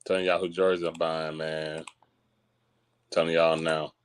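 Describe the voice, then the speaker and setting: A man's voice: extremely low pitch, flat delivery, unhurried, smooth. A man hosting a live stream in casual chat, teasing his chat and laughing often.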